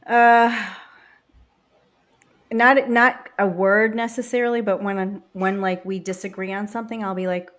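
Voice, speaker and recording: A woman co-hosting a casual podcast who tells stories in an animated way and laughs often. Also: medium pitch, a little slow. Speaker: podcast co-host. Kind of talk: casual chat.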